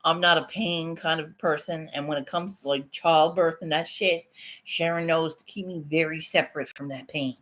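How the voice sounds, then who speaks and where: A woman's voice: low-pitched, steady tone, moderate pace, fairly bright tone. A woman in her thirties, chatting casually on a home livestream, swearing and laughing often as she answers her viewers. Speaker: livestream host. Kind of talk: casual livestream chat reading comments.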